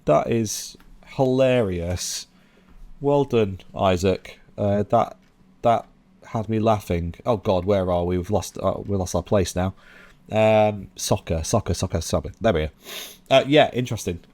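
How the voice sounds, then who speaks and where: A man hosting a show reviewing new drum and bass tracks, talking casually and bluntly with lots of fillers. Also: a little mellow. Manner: chatty and blunt, with frequent fillers and laughs. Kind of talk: casual commentary. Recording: music playing under the voice.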